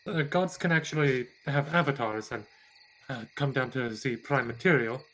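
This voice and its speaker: A man voicing a gentle, devout nature worshipper in a tabletop game, talking thoughtfully and stopping often to search for words. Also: medium pitch, normal speed, lightly acted, low-quality recording. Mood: musing. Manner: thoughtful, hesitant with many uhs. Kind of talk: in-character tabletop role-play.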